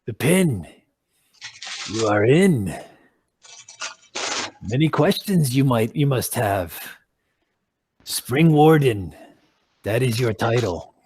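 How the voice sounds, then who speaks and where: A man's voice: medium pitch, expressive, takes it slowly, pauses often, darkish tone, slight background noise, pitched below the performer's own voice. A man doing a grave, terse druid. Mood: solemn. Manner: clipped, grave phrases. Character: solemn, terse male druid elder.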